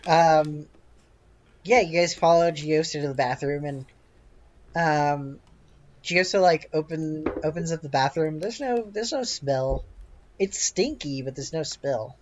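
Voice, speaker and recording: A game master narrating a tabletop game in a halting way, with many fillers. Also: medium pitch, slight background noise. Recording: dull lo-fi sound.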